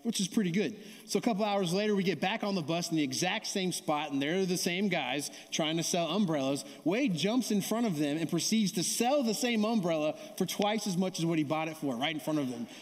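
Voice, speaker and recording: A man's voice: high-pitched, lively intonation, fairly quick, hardly any pauses. A man preaching a sermon as pastor, telling stories in a conversational way, often checking in with the congregation and asking for responses. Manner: conversational, keeps asking the audience "right?"; calls for audience response. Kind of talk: sermon with storytelling. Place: church sanctuary. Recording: long hall reverb.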